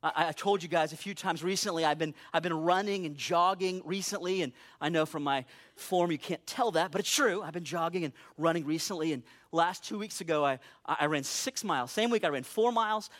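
A male pastor preaching a sermon, animated and emphatic, slowing down to read scripture aloud. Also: a little high.

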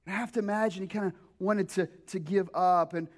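A man with a notably high voice gives a sermon to his congregation. He talks the way people chat, leaning on "like" and "you know," and keeps asking his listeners questions. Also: fairly even intonation, a little fast. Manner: conversational, filler-heavy, rhetorical questions to the audience. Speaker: pastor. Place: church service, also streamed online.

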